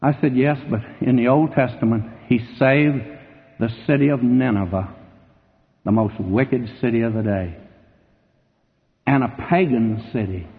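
A man preaching a sermon in a large auditorium, swinging between forceful loud phrases and hushed ones. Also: medium pitch, unhurried, long pauses. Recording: tinny narrow-band sound with long hall reverb.

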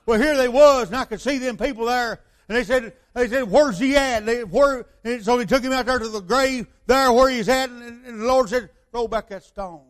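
A man's voice: extremely high pitch, normal speed, hardly any pauses. An older man preaching a sermon, rambling through stories and asking his listeners rhetorical questions.

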